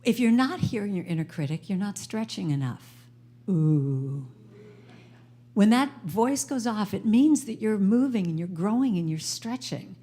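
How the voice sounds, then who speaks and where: A middle-aged woman speaks at a live service in a spiritual center. Her delivery is playful and animated, with a medium-pitched voice, and she coaxes the audience into call-and-response. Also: measured pace. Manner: playful, animated, leads the audience in repeating phrases. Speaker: guest speaker and singer-songwriter.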